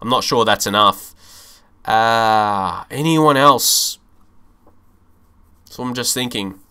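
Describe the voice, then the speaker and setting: A young man streaming a football management game, commenting live with animated, frustrated swings and frequent swearing. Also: mid-range voice, slow pace, clean tone.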